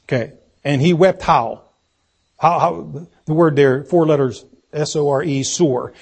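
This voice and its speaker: A man's voice: a little high, measured pace, creaky, darkish tone, breathy edge. A man teaching an interactive Bible study, reading scripture aloud and questioning his listeners about its meaning. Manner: questioning, asks the group for answers.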